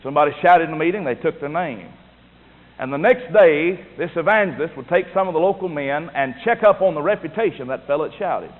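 A man's voice: on the high side, expressive, brisk. A man preaching a sermon in a folksy, emphatic way. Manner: folksy, emphatic preaching with rising and falling delivery. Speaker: pastor. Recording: tinny phone-like sound with long hall reverb.

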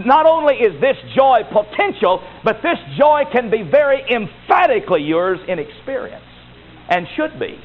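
A man preaching a sermon as a Baptist pastor, emphatic and repetitive, building to rising exhortations. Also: high voice. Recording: tinny phone-like recording with faint hiss.

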